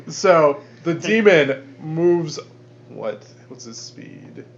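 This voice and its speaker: A man narrating as game master for a tabletop game, describing monsters in a halting way with frequent restarts. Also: on the high side, animated. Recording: dull lo-fi podcast audio.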